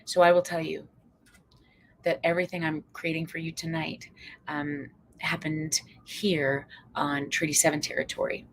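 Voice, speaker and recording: A woman psychologist from Canada giving a motivational talk, lively and acting out quoted voices. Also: normal speed, slight background noise, rough recording. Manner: lively, acts out quoted voices with big pitch jumps. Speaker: psychologist and speaker.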